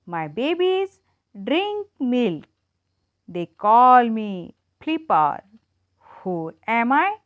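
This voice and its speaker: A woman teacher slowly reading animal riddles to children in an emphatic, sing-song way. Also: a little high, big pitch swings, no echo. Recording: dull lo-fi dry sound.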